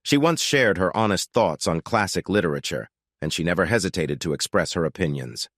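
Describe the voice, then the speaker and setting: A man narrating a first-person story in a steady, scripted way. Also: low voice, fairly quick, no echo, studio quality.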